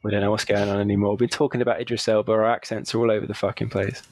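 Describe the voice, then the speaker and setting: A man's voice: fairly low pitch, flat delivery, very fast, a little mellow, no room sound. A man, co-hosting a podcast in casual chat, swearing freely and joking. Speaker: co-host.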